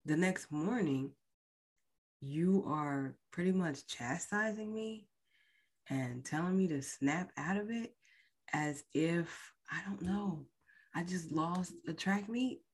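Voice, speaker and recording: A woman podcast host slowly recounting a painful personal story, halting and often sinking to a near whisper. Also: on the low side.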